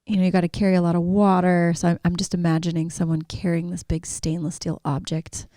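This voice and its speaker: A woman's voice: on the low side, level tone, fairly quick, mellow, no echo, studio quality. A woman guest on a podcast, musing thoughtfully in casual chat.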